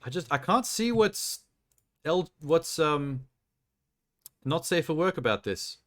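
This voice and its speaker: A man's voice: on the high side, sing-song, slow, fairly bright tone. Crude joking young male streamer. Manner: joking, crude, rambling commentary. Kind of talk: casual live-stream chat.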